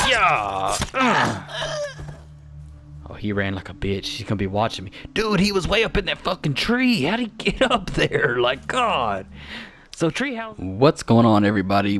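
Brief: male let's-play host, profane and taunting, pitch swinging all over, excitable. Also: a little hiss or hum. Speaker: gaming channel host.

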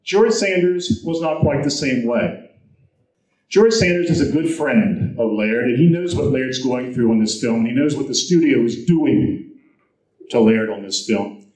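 A male guest speaker giving a storytelling presentation at a convention, lively and anecdotal, acting out the quotes he tells. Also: mid-range voice, measured pace. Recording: roomy echo, captured from the audience.

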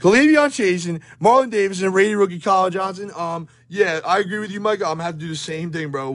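A young man rips trading card packs on a live break, his commentary hyped and profane, rattling through player names and short of breath. He talks fast in a high voice with hardly any pauses, on a dry recording.

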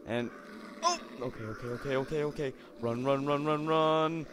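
A young man giving silly, rambling commentary on a game, jumping from mumbles to squealing shouts. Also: a little high, steady tone, normal speed, a little hiss or hum. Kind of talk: goofy gameplay commentary.

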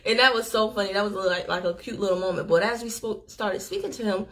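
A woman hosting a live stream, chatting straight to her viewers as she tells a story in an animated, casual way. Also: medium pitch, quick pace. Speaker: livestream host. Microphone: phone or webcam on a live stream.

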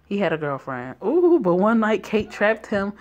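A woman's voice: mid-range voice, big pitch swings, normal speed, darkish tone, close to an everyday voice. A woman voicing a sassy, gossipy older female diner owner who drawls and calls people honey.

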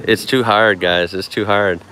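A man's voice: lowish voice, fairly even intonation, unhurried, crowd noise. A man with a Chicago accent chatting easily and laughing often while live-streaming from an outdoor wildlife park on a handheld camera. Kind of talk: casual live-stream chat.

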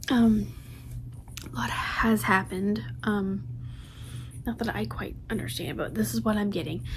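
A woman's voice: mid-range voice, fairly even intonation, measured pace, slight background noise, low-quality recording. A woman chatting casually to camera as a book vlogger, rambling with lots of ums and restarts. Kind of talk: casual chat.

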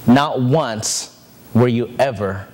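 A man voicing a protective father who speaks slowly and softly to reassure. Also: high-pitched, big pitch swings, long reverb tail, slight background noise, voice pushed down. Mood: tender.

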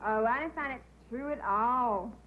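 A woman's voice: fairly high pitch, normal speed. A woman from North Carolina with a Southern accent, an easygoing contestant answering the host. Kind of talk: answering interview questions. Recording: muffled old broadcast audio, faint hiss.

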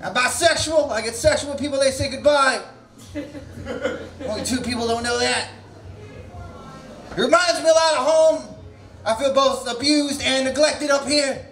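Very high-voiced shouty male comic. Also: moderate pace, pauses often, faint music behind. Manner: loud, shouty, crude punchlines. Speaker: comedian. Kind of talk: stand-up set at an open mic. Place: comedy venue stage. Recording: roomy echo of a small venue.

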